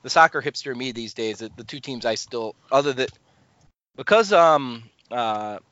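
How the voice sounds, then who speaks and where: A man's voice: mid-range voice, animated, normal speed, pushed and bright, no echo. A man hosting a podcast in casual chat, rambling and self-deprecating with many restarts. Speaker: podcast host. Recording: slightly dull lo-fi podcast audio.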